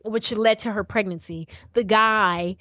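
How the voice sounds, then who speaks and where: A woman's voice: medium pitch, unhurried, dry recording, studio quality. A woman co-hosting a podcast, casually retelling a movie plot and acting out the characters' lines with lots of swearing. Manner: animated storyteller acting out every character's lines, swearing freely. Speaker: podcast co-host.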